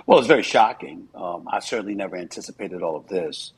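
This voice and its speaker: A man's voice: deep voice, expressive, fast, slight background noise, low-quality recording. A man in his fifties, a commentator, giving earnest, reflective interview answers with frequent fillers.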